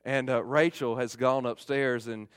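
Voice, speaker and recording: A middle-aged male pastor giving a fervent sermon, swinging from loud emphasis to hushed appeals. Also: medium pitch, steady tone, unhurried, smooth, no room sound, clean studio sound.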